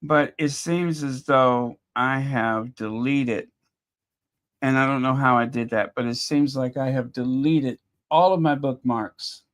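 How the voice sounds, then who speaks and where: Slow-talking man hosting a chatty livestream. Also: medium pitch. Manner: chatty, exasperated, thinks aloud. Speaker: livestream commentary host. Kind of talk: casual live chat with viewers.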